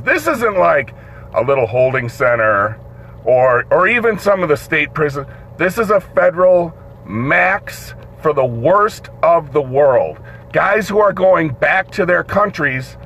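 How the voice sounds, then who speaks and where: A man hosting a live show, telling a story in an animated way, swearing and acting out the voices in it. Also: on the high side. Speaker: host. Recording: dull lo-fi stream audio with faint noise.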